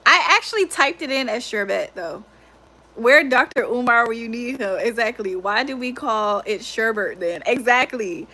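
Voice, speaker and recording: A woman's voice: a little high, expressive, moderate pace, bright, forceful tone. A young woman hosting a livestream, chatting casually and animatedly, laughing often and swearing freely. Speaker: livestream host.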